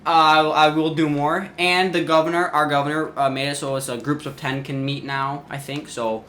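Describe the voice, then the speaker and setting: A teenage boy vlogger telling a casual story-time tale in an animated way, often restarting his sentences. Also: on the high side, normal speed. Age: teens. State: sweating in the heat.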